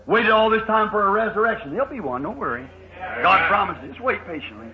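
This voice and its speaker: A man preaching a sermon in a folksy storytelling manner, acting out the voices in his story with sudden shouted bursts, on a muffled old recording. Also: high voice, lively intonation, fast, a crowd in the background.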